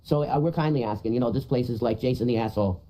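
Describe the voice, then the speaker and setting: A man's voice: medium pitch, quick pace, dark tone, low-quality recording. A man on a livestream, rambling crudely and repeating himself in casual chat.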